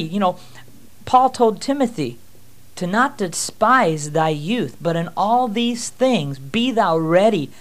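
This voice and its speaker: A man's voice: high-pitched, animated, measured pace. A man teaching a ministry team how to pray for people, emphatic and repeating himself. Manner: emphatic, repeats "amen" and "first off".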